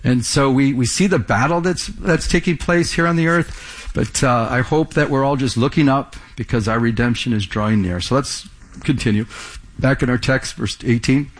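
A man's voice: medium pitch, moderate pace. A man pastor preaching a verse-by-verse sermon in a conversational way, often repeating words and asking the congregation questions.

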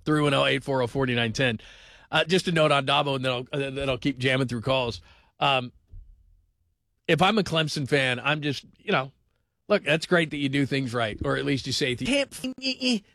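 A man hosting a call-in sports radio show, talking in a rambling, animated way that circles back on itself. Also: medium pitch, moderate pace, creaky, no echo, studio quality. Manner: rambling, animated, repeats himself.

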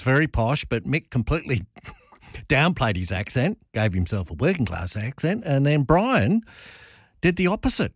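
A low, husky man hosts a music show in a chatty, gossipy way. He chuckles as he goes and keeps nodding along with his own remarks. His voice sounds close and dry, with little room around it. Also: no room sound. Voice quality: chuckles often and affirms himself with repeated "yes".

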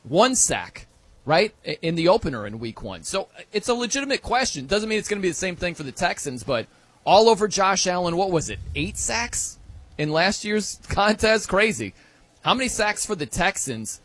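A man hosting a sports talk radio show, excitable and quick to mimic stadium chants. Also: high-pitched.

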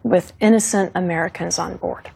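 A woman in her fifties, a former fighter pilot, recounting her experience in an earnest, steady and resolute interview manner. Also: lowish voice, moderate pace, gravelly, breathy edge.

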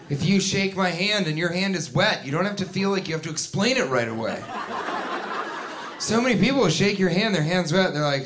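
High-voiced man doing stand-up comedy. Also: fairly quick. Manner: animated, jumps into loud put-on voices and shouts. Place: comedy club stage with a live audience. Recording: live club recording with crowd laughter and noise. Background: audience laughing.

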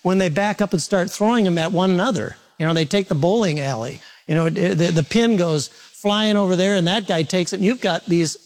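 A high-pitched pastor preaches briskly with few pauses at a church service. He speaks directly to the congregation, asking questions and joking about himself.

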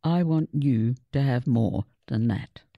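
A woman's voice: rumbling low, slow, gravelly, no room sound, dull audio, full character voice. A woman voicing a kind, practical father in a children's story.

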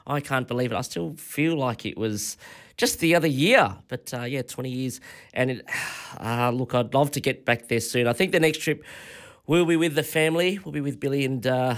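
A man's voice: mid-range voice, normal speed. An Australian man in his forties hosting a radio show, telling a rambling story with lots of fillers and chuckles. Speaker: radio host. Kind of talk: casual radio chat.

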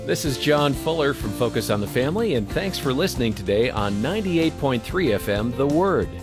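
A man co-hosting a radio show, reading smooth scripted introductions. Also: mid-range voice, big pitch swings, a little fast. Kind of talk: radio announcing. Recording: music bed under the voice.

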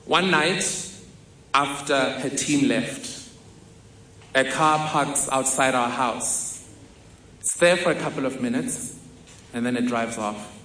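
A man's voice: medium pitch, takes it slowly, long pauses, sharp tone. A man from telling a vivid, self-mocking personal story on stage in a large hall. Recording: echoey hall with faint noise.

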